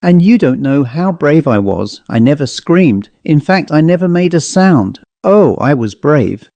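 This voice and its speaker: A boastful young office clerk, played by a male reader, spinning a tall tale in a sly, teasing voice pitched a little above the narration. The tone is mellow and warm, recorded close and dry. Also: very animated, measured pace, vocal fry, no room sound, full character voice.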